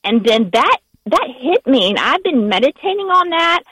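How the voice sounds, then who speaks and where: A woman with a Southern US accent calling in to a radio show by phone, talking in a heartfelt, halting way with frequent restarts. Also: high-pitched, very animated, bright, forceful tone, no room sound, rough recording. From United States. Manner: emotional, halting, restarts often. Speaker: caller. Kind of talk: call-in chat.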